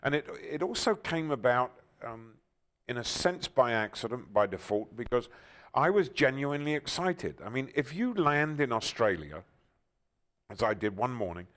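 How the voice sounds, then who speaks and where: An older man, a talk show guest telling stories with enthusiasm and loud, excited outbursts. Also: medium pitch, moderate pace. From England. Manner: enthusiastic, bursts into loud exclaiming when excited. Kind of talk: animated storytelling interview.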